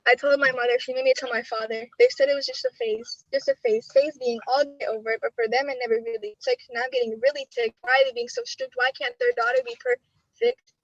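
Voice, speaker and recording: A teenage girl with a high voice reads her spoken word poetry over a video call, earnest and emotional. The sound is dry and a little muffled, without much room tone. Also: fairly even intonation, fast talker, dry recording. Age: teens. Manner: earnest, emotional delivery with nervous laughs between poems. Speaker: student poet.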